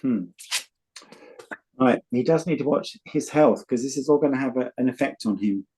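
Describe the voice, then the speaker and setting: British male tarot reader, mid pitch, chatty and blunt. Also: normal speed, mellow. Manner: chatty storyteller, earthy and blunt. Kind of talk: casual chat and tarot reading.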